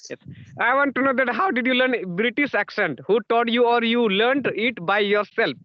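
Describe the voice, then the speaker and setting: A man's voice: very high-pitched, normal speed, no echo, dull audio. A man interviewing in casual conversation practice, repeating himself and filling gaps with "you know" and "yes, yes".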